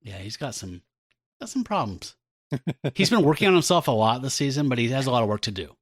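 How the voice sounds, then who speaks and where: Chatty man recapping comics, lively pitch. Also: fairly quick, breathy edge, no echo, clean studio sound. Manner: chatty, recapping, laughs often. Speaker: podcast co-host. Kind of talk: casual comic book chat.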